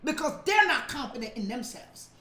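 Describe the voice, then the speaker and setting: Woman pastor, high voice, echoey room, repeats lines for emphasis and shouts the key points. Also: very animated, normal speed. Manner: preaching with emphatic repetition. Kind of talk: sermon.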